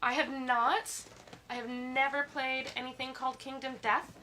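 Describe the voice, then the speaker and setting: Sick and a little congested, a woman hosts a livestream from her bed at home, chatting casually and reading viewer comments out loud. Her voice is high-pitched and level, at a normal pace, picked up by a phone with background noise behind it.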